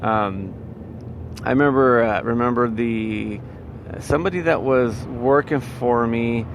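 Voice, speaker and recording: A man's voice: medium pitch, unhurried, noisy background. A man in a casual motivational monologue, rambling and full of fillers and restarts. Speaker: vlogger giving life advice.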